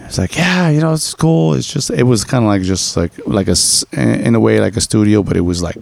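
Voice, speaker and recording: A man with a low, deeply gravelly voice, recounting a story in a loose, profane, rambling way. His talk is full of fillers, and the sound is dry and close. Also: quick pace, a little mellow, no room sound. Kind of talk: casual storytelling chat.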